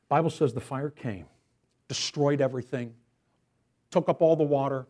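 A male pastor preaching a sermon to his church, telling a story in an animated, storytelling way. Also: medium pitch, normal speed, long pauses.

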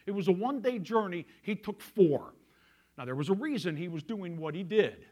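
A male pastor preaching a sermon, telling a story and swinging from loud emphasis to hushed quiet. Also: high voice, lively intonation, normal speed.

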